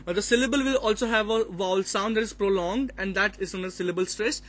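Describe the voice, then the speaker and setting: A man's voice: high voice, fast, fairly bright tone. A man presenting a phonetics topic in class, partly reading out his notes and hesitating often with fillers. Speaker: student presenter.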